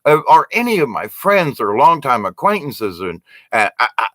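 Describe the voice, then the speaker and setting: A man's voice: mid-range voice, very animated, normal speed, fairly bright tone, no echo. A man in a casual opinion monologue, talking in a rambling, wry way with frequent restarts. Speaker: vlogger.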